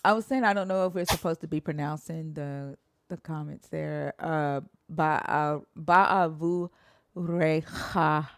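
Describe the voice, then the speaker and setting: In a low, creaky voice and at a slightly fast clip, this young podcast host chats casually about Hebrew translation. She hesitates and trails off while sounding out words, with the occasional swear, and the recording is dry.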